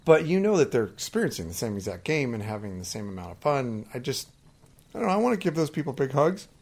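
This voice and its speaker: A man co-hosting a casual gaming podcast, joking around in animated banter. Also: mid-range voice, quick pace. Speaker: podcast co-host.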